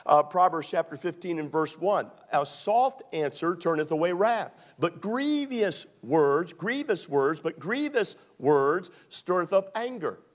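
A man's voice: fairly high pitch, animated, unhurried, few pauses. A man preaching a sermon in a folksy, conversational way, with many fillers, quoting scripture and asking the congregation to answer. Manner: quotes scripture and asks the congregation to respond. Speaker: pastor.

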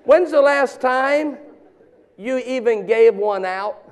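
Preacher guy in his 50s, really high voice, yells and jokes around. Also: slow pace. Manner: animated, shouting bursts and joking asides. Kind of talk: sermon.

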